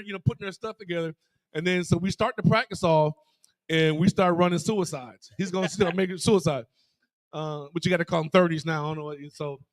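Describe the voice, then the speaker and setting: A man's voice: high-pitched, no room sound. A man, a former college player and guest broadcaster, telling stories casually in a bar and acting out the voices of the people in them. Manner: animated, acts out quoted voices. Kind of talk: casual storytelling. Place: bar, live show.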